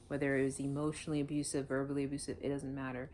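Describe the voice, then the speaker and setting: A woman gives a casual tarot reading, talking bluntly and emotionally and swearing freely. Her voice is low, and faint background noise sits under it. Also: level tone, rapid-fire, a little mellow. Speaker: tarot reader.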